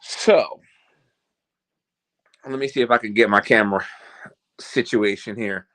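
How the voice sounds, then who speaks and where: Man hosting a vlog, unhurried, bright tone, playful and self-mocking. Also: lowish voice. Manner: rambling, joking and self-deprecating, theatrical announcer openings. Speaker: host. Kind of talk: casual vlog chat.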